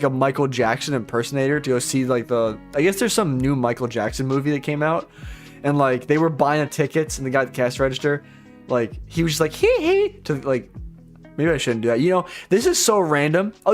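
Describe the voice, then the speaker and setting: A young man trading on a live stream, rambling casually, swearing often, and poking fun at himself. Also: fairly high pitch. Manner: rambling, profane, self-deprecating. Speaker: live-stream futures trader.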